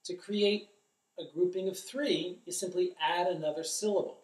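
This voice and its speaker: This is a drum instructor, a middle-aged man, walking through a lesson with careful explanations and spoken rhythm syllables. His high voice keeps a fairly even intonation and a moderate pace. Recorded indoors in a studio, the sound is echoey and distant.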